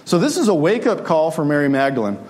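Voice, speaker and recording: A man's voice: a little high, sing-song, fast, a little mellow. A man preaching a sermon in a conversational way, often asking his listeners rhetorical questions.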